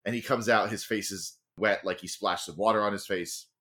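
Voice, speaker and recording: A woman narrating scenes as game master in a tabletop game, in a lively, quick manner. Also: very deep voice.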